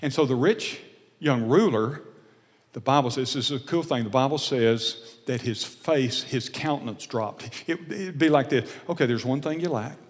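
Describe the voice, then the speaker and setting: A man, preaching a sermon as a pastor, animated and acting out dialogue, sometimes dropping to a whisper. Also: mid-range voice, normal speed. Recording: long reverb of a large hall.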